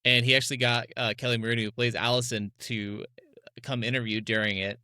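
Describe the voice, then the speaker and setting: A man's voice: mid-range voice, level tone, brisk, bright, forceful tone, smooth, dry recording, studio quality. A man co-hosting a podcast in casual chat, bubbly and chatty, laughing a lot. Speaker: podcast co-host.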